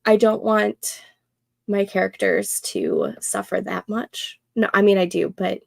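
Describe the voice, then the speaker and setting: Woman streamer, soothing voice, unhurried casual chat, slightly gravelly. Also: mid-range voice, big pitch swings, dry recording. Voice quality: soft, soothing voice. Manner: slow, thinking aloud, reading chat comments. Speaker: livestream host. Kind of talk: casual co-working livestream chat.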